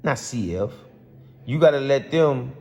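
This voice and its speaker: A man's voice: medium pitch, lively intonation, unhurried, dark tone. Passionate guy ranting about football, voice jumps all over, big echoey hall sound. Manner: passionate, rambling, repeats himself. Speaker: vlogger. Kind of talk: casual football rant to camera. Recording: long hall reverb.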